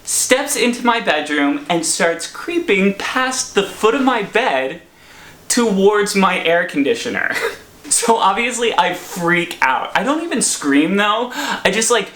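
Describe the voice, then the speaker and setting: A man's voice: high-pitched, sing-song, measured pace, sharp tone, reverberant, a little hiss or hum. A young man vlogging a dramatic, laughing storytime from his apartment. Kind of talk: storytime vlog.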